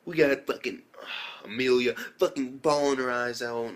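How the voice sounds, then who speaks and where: Guy ranting thru an anime episode recap, swears a lot, does little voices for the characters, ordinary middle pitch. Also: normal speed. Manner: rambling, profane, acts out characters' lines. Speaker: anime reviewer. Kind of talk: casual spoken review.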